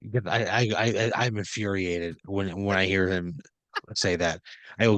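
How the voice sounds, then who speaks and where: A man's voice: sits low, fairly even intonation, normal speed, a bit bright, no echo. A man playing his part in an improvised comedy story, exasperated and swearing heavily. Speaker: player. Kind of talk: improvised comedy role-play.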